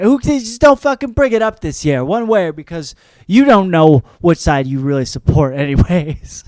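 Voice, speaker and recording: A man's voice: high voice, animated, moderate pace, a little mellow, smooth, no room sound. Profane, rambling young man ranting. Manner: profane, rambling, jumps into mocking voices. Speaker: podcast host. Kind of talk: comedic rant.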